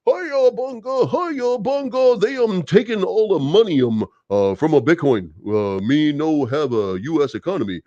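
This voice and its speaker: A man voices a squeaky caricature of a woman politician, pitched far above his own voice. The delivery is broken and mocking. The recording sounds dull and lo-fi. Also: lively intonation, a little slow, hardly any pauses, warm tone, no echo. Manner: broken mock speech, squeaky.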